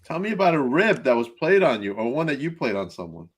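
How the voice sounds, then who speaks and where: A man hosting a live podcast interview, easygoing and quick to laugh. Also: medium pitch, sing-song, slightly rough. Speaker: podcast host.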